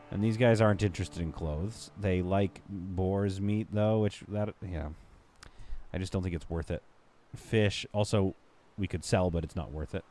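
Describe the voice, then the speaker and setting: A man casually commenting on a strategy game as he streams, thinking aloud and chatting with his viewers. His voice sits on the lower side, with faint music playing behind him. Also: a little mellow.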